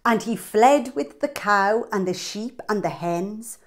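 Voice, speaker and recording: A woman reading a picture book aloud to young children, animated and sing-song, pointing out the pictures as she goes. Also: medium pitch, takes it slowly. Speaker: children's storyteller.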